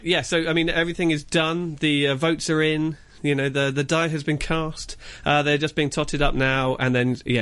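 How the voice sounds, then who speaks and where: A man's voice: on the high side, fairly bright tone, no room sound. A man talking as a film guest on a radio show in a studio, rambling with plenty of fillers and restarts. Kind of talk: casual radio chat. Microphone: studio microphone.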